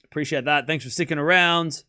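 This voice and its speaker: A man's voice: a little high, brisk, pushed and bright, clean tone. A man hosting a live tennis watchalong stream, calling points and thanking viewers in casual chat. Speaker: livestream host.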